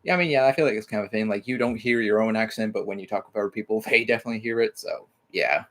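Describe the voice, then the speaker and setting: A man's voice: lowish voice, racing, fairly bright tone. A man from Mississippi hosting a casual livestream, rambling with lots of "like" fillers and casual swearing. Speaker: livestream host.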